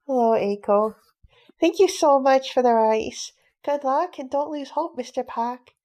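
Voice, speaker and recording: A woman's voice: high voice, measured pace, darkish tone. A woman doing a sweet, polite little girl. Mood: kind. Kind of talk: storybook reading.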